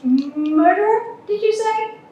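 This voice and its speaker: A woman playing a flustered, prim lady, very high-pitched. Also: expressive, takes it slowly, dark tone, exaggerated voice. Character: flustered, proper upper-class lady. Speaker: student actor in a school stage play. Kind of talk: live stage play acting. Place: school theatre stage. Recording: echoey hall from far off, faint hiss.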